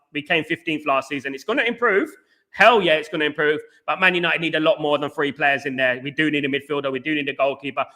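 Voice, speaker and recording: Male stream host, high and bright, rapid animated banter reading chat. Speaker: fan channel host reading live chat. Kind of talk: fast casual live-stream chat.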